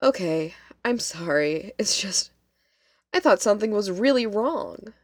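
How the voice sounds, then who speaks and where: A woman's voice: medium pitch, lively intonation, unhurried, no room sound. A woman voicing a busy, matter-of-fact young female college student. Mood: brisk.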